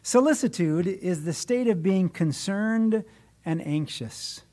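A man preaching a sermon, shifting between emphatic declarations and hushed asides. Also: high voice, expressive, slow. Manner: wide swings between emphatic and hushed delivery. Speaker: pastor.

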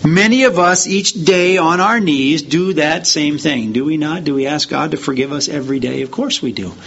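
A man's voice: normal speed, gravelly, fairly bright tone, husky. Man preaching, lifting his voice on scripture. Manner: rises in pitch and volume when reading verses aloud; conversational asides between readings. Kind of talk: sermon reading and explaining scripture. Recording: dull lo-fi sound with faint noise.

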